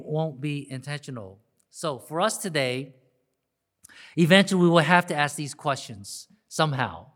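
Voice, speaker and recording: Male pastor preaching, somewhat high voice. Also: a bit bright. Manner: conversational, rising to emphatic peaks with frequent restarts. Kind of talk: sermon.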